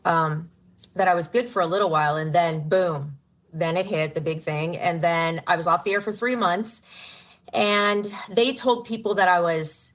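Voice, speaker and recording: Speaking at normal speed, this woman has a fairly low pitch and a fairly bright tone. She's a radio personality and podcast guest, recounting her story in an interview with earnest emotion, bursts of laughter and exclamations.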